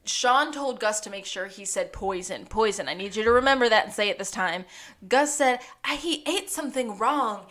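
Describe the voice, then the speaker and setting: Brief: podcast co-host, woman, mid-pitched, animated recap voice that acts out every character's line. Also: brisk. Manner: animated, acts out characters' lines while recapping, laughs often. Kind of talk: casual rewatch podcast recap.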